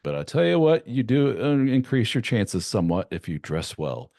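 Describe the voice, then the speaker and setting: A man hosting an interview, talking at length in a conversational, animated way and acting out the people he quotes. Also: medium pitch, moderate pace, creaky, no echo, clean studio sound. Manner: animated, acts out quoted voices. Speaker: podcast host.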